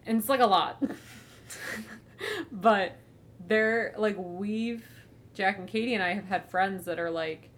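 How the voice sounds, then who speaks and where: A young woman in casual podcast chat, telling animated stories, saying "like" a lot and swearing freely. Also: mid-range voice, slow pace, long pauses, slight background noise. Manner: chatty, animated storytelling with frequent "like" and swearing.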